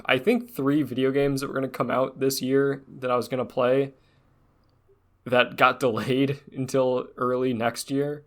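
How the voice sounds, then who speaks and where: A man's voice: medium pitch, vocal fry, a bit bright. A man co-hosting a podcast in casual chat, talking animatedly, defensively, and swearing casually. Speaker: podcast co-host.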